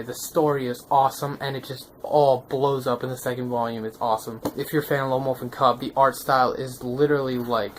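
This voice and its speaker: Excitable male vlogger, casual and slangy, mid-pitched voice over a faint hiss. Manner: excitable, slangy, often checks in with the viewer. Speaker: manga vlogger. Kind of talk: casual video review.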